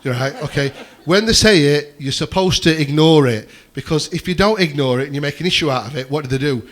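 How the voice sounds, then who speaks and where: A man's voice: on the high side, brisk, a bit bright. A man doing a rambling stand-up set, swearing freely and chatting with the crowd from a comedy club stage.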